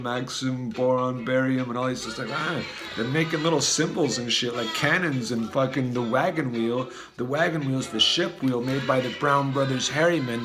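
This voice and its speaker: Man vlogger, rambling profane rant, mid pitch. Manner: free-associating, profane, muttering. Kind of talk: rambling conspiracy monologue.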